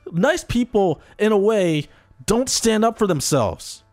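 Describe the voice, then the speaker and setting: A man in casual chat, telling a story in an animated and profane way. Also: high-pitched, a little slow, soft background music.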